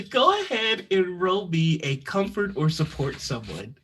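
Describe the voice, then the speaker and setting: A man's voice: sits high, wildly swooping pitch, slow, fairly bright tone, a little hiss or hum. A man running a tabletop game as game master, narrating loosely and swearing often. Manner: laughing, loose, profane.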